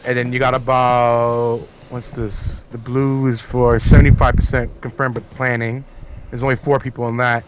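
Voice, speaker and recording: A man's voice: mid-range voice, level tone, moderate pace, a little hiss or hum. A man co-hosting a casual online show, talking bluntly and cursing a lot over a voice call. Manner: blunt, profane. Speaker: co-host.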